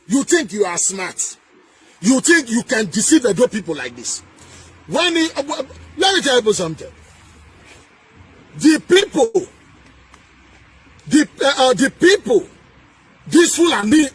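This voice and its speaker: A man with a Nigerian accent delivering a heated political rant, emphatic and repetitive, with sing-song rises and shouted bursts. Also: extremely high pitch, sing-song, measured pace, pauses often, husky. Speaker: political commentator.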